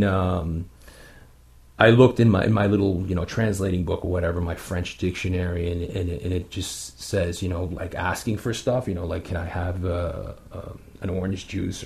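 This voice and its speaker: Deep gravelly guy rambling through a story, lots of um and you know. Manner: rambling, many fillers, animated retelling. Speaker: guest paranormal investigator. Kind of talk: casual storytelling chat.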